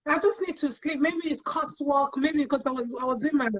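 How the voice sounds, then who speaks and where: Sitting high in pitch and moving fairly quickly, a woman's voice tells her own story as a guest on a talk show. She is earnest and repeats phrases for emphasis, and the sound is dull and lo-fi.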